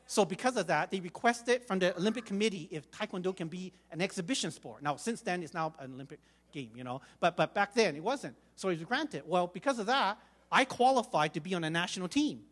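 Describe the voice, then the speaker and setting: Animated male pastor telling a story. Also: high voice, a little fast. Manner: animated, acts out quotes, repeats words. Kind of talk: sermon storytelling.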